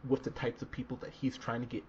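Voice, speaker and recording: Animated swearing man on a movie podcast. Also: mid-range voice, quick pace. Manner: animated, swearing, laughing often, many fillers. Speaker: podcast co-host. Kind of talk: casual movie review chat. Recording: dull lo-fi podcast audio with faint noise.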